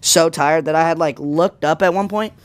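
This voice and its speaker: A man's voice: a little high, normal speed, clean tone. A young man on a podcast telling a rambling story in casual slang, packed with fillers and acted-out quotes. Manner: dramatic retelling with acted quotes. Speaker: podcast guest.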